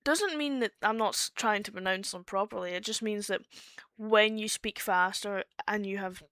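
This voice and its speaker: A woman's voice: mid-range voice, moderate pace, a bit bright, no room sound, studio quality. A woman with a Scottish accent chatting casually on a voice call, explaining her points with fillers and restarts. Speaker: streamer.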